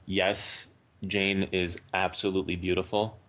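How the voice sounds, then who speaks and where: A man's voice: low-pitched, little pitch movement, a little slow, fairly bright tone, slight background noise. A man in his thirties calling in to a talk show, speaking hesitantly and anxiously with many fillers and restarts. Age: 30s. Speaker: caller. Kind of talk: halting phone conversation.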